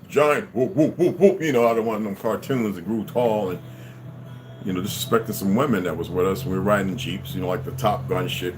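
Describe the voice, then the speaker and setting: A middle-aged man telling a rambling, profane story that turns into a loud rant. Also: low voice, a little hiss or hum. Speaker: channel host telling stories.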